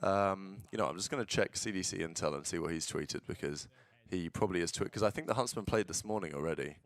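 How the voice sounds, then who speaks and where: Casual esports watch-along commentary comes from a man with a deep voice who talks at a quick pace. The recording is dry, and he's blunt and swearing, bursting into excited play-by-play.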